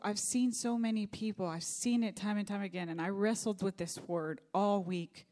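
A woman's voice: mid-range voice, a little mellow. A middle-aged woman pastor preaching a sermon, telling a personal story in an earnest, faith-focused way.

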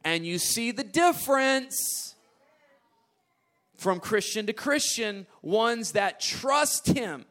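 A high-pitched man preaches a sermon. He drops into hushed, low asides, then surges into loud, emphatic declarations. He often repeats and restarts his phrases as he builds a point. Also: big pitch swings, slow, pauses often.

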